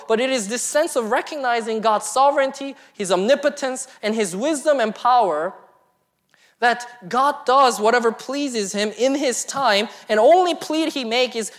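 Young woman, preacher, earnest sermon delivery, hushed asides, emphatic pleas. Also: fairly high pitch, moderate pace.

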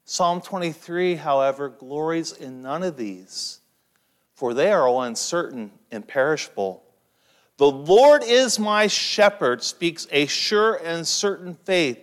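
A middle-aged man from Ohio preaching a sermon, slow and emphatic, with frequent "uh" fillers. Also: on the high side, a bit bright. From eastern Ohio, USA. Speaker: pastor.

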